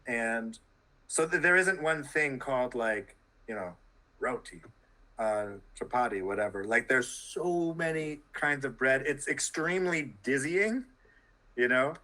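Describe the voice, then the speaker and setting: A man talking as a guest on a conversational podcast, animated and full of quick asides. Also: medium pitch, rough recording. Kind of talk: casual conversation.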